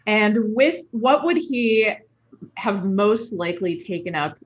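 A woman co-hosting an interview, soft-spoken. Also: mid-range voice, animated, takes it slowly, slightly rough. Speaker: co-host. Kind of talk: casual interview. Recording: dull lo-fi sound.

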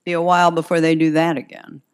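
A gruff, impatient police lieutenant, as a woman reading a crime novel puts him on, firing off curt, demanding questions. The voice sits low and flat-toned, an audiobook character rather than a full transformation. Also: fast talker, lightly acted.

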